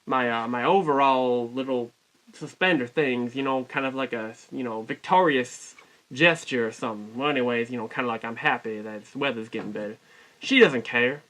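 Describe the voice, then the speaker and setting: A man telling a rambling, mock-folksy comic story in a put-on Southern US drawl, deadpan and constantly correcting himself. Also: mid-range voice, moderate pace. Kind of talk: deadpan comic character monologue.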